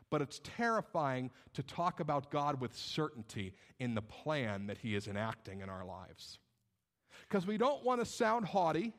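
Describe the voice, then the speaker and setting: A man preaching from the pulpit with a high, bright-sounding voice. He moves between quiet, intimate lines and lifted, emphatic questions, slipping into mocking voices of skeptics. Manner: dynamic preaching, acts out doubters' voices. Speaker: pastor. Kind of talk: sermon.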